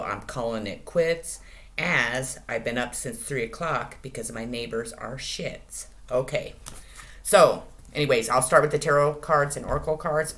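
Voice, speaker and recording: Speaking to her channel, a tarot reader gives a casual reading that is crude and profane, swinging between loud cries and quiet asides. Her voice is a low rumble.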